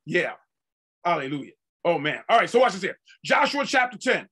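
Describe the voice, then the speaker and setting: Man, sermon, high voice, bright tone, repeats words, fervent delivery. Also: very animated, normal speed, husky. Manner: fervent preaching with swings between quiet and loud; repeats words and phrases for emphasis. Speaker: apostle preaching.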